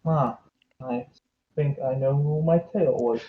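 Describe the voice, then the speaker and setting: A man's voice: medium pitch, fairly even intonation, a little slow, a little hiss or hum. Man playing his character over a dull mic. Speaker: player. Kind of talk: in-character tabletop play.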